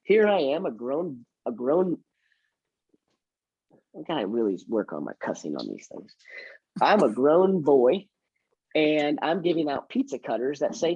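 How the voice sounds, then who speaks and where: A man's voice: fairly high pitch, very animated, a little slow, pauses often, a little mellow, breathy edge, no echo, highs cut off. A man who works in real estate, chatting casually and teaching, self-mocking and acting out his door-knocking lines. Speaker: real estate agent and trainer.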